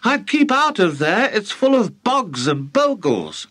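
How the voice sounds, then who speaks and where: Reading an audiobook, a man voices an anxious, polite young boy who pleads and frets, pitching well above his own voice in an exaggerated, fairly bright tone with huge pitch swings at a measured pace.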